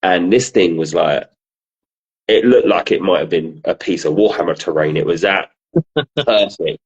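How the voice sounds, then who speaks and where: Casual podcast co-host, male, southern English, deep husky voice, storyteller who swears. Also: measured pace, highs cut off. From southern England. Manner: laughing storyteller, swears freely. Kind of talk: casual chat.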